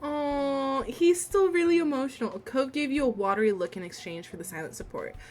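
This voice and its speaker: A young woman streaming a story game, reading the text and dialogue aloud in a steady voice and breaking into giggles and swearing between lines. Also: high voice, moderate pace, faint music behind.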